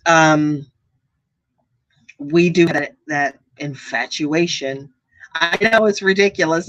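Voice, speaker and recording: Chatty Midwestern woman, slow and rambling. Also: low voice, fairly bright tone, no echo, rough recording. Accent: American Midwest, faint Southern. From United States. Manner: rambling, many fillers and restarts. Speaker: vlogger. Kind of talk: casual live chat.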